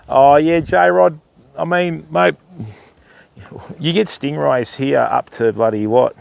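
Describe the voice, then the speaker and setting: A man's voice: on the high side, slow pace, gravelly, long pauses, slight background noise. An older Australian man chatting casually on a riverside fishing livestream, answering viewers and calling them mate and bud. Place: outdoors by a river.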